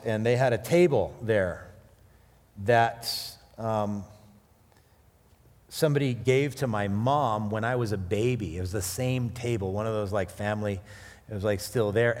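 A man preaching a sermon, mixing scripture with animated personal stories and jokes. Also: on the low side. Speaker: pastor. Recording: long hall reverb.

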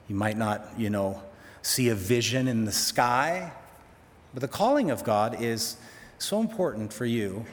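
Guy preaching through scripture, chatty asides, middle pitch, echo trailing in a big hall. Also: slight background noise. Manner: folksy, with casual asides to listeners. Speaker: Bible teacher. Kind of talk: conversational sermon.

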